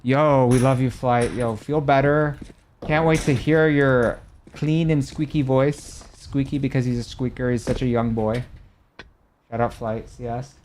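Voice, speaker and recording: A young adult man streaming live, chatting casually with his viewers and reacting animatedly, his voice swinging between loud and soft. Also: mid-range voice, level tone, unhurried, a little hiss or hum.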